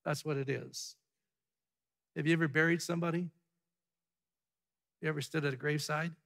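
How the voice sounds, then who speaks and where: A pastor preaching a sermon to his congregation, asking rhetorical questions and dropping to a hush before building back up. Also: fairly high pitch, fairly even intonation, moderate pace, vocal fry. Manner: dramatic, drops to a hushed tone for emphasis, then builds up. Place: church sanctuary.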